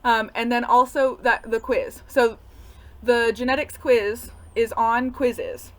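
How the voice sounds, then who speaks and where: A woman's voice: a little high, steady tone, takes it slowly. A young adult woman teacher giving a casual, rambling class update full of fillers. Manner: chatty, rambling with many fillers.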